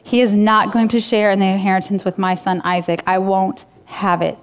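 A woman's voice: mid-range voice, level tone, normal speed, clear, resonant tone. Female pastor, casual sermon delivery, clean resonant voice. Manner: casual, conversational preaching with fillers.

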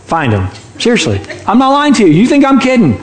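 A man's voice: extremely high pitch, huge pitch swings, a little fast, echoey room. A man from Michigan preaching a sermon in a church sanctuary, playful and chatty, teasing the congregation. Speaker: pastor.

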